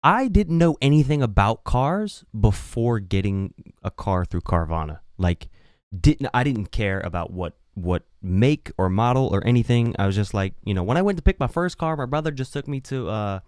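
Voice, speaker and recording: A young man tells a casual podcast story with a lively, swinging voice that leaps up for emphasis. He swears freely and rambles along. The sound is dry and close on the mic. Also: normal speed, smooth, dry recording. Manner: animated, swearing, swinging pitch. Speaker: podcast host. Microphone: podcast microphone.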